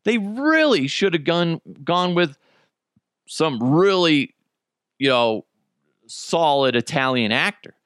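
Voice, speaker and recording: A man's voice: on the high side, slow, long pauses, smooth, no echo, clean studio sound. A man hosting a podcast, chatting casually and rambling, with frequent swearing. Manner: animated, profane, rambling. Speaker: podcast host. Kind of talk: casual comedic chat.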